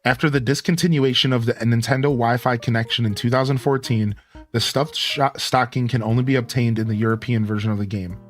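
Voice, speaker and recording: Relaxed rambling male game streamer. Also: mid-range voice, a little fast. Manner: relaxed and rambling, full of "like" and "you know". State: voice still a bit worn. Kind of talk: casual chat with live stream viewers.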